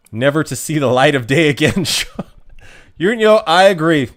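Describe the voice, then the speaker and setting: Man, livestream chat, reads out comments, rambling jokes, very lively intonation. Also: fairly high pitch, a little slow, long pauses. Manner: joking, rambling, laughs at his own jokes.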